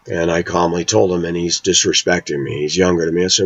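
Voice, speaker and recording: A man vlogging a personal story rant, indignant and animated, acting out the quotes as he goes. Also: low-pitched, fast, hardly any pauses, no echo. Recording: dull, dry lo-fi sound.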